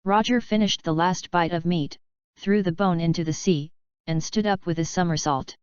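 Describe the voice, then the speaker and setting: Woman narrating a story, kinda low voice, super clear, dry dull sound. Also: moderate pace, dry recording. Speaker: audiobook reader. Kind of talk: scripted narration.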